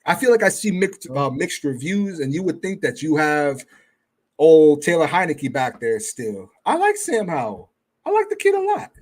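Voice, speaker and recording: A man on as a guest talks football in a relaxed, measured way, hedging his points as he goes. His voice sits a little higher than most men's. It is an easygoing, conversational delivery. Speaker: guest fan analyst. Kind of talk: casual sports talk.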